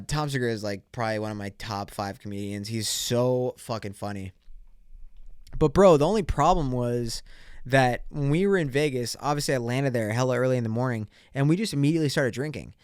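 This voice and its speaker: A young man rants into a close, dry mic on his solo podcast, his voice smooth and resonant. He swears constantly, drops bro slang, and rambles through stories. He acts out both sides of made-up run-ins. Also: mid-range voice, no room sound. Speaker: podcast host. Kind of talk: casual solo podcast rant.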